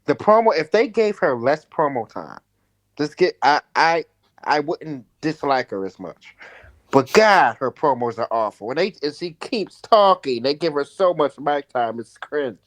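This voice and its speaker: A man's voice: fairly high pitch, lively intonation, measured pace, no room sound. A man co-hosting a casual wrestling chat, complaining and repeating himself with sarcastic mimicry. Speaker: podcast co-host.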